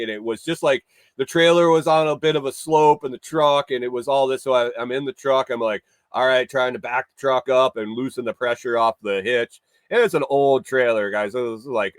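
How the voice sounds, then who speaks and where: A man's voice: medium pitch, clean tone, dry recording. A man hosting a casual morning show, telling a long rambling story, often restarting and acting out what people said. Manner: rambling, swears, restarts and acts out quotes.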